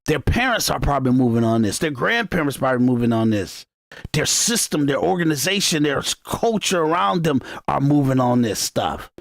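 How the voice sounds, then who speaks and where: Man, podcast host, gravelly, fairly high, dry close sound, emphatic, repetitive, preachy commentary. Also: sing-song, moderate pace, dry recording. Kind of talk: unscripted political commentary monologue.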